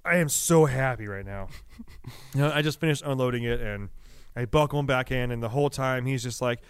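Animated young man, smooth dry voice. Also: brisk, dry recording. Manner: animated, acts out his toddler son in a high excited voice. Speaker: podcast co-host. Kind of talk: casual chat, storytelling.

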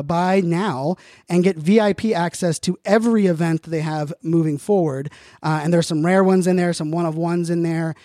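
A man's voice: high-pitched, warm tone, dry recording, studio quality. A man hosting a podcast, talking casually and rambling, with lots of fillers and restarts. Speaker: podcast host. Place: Phoenix, Arizona area.

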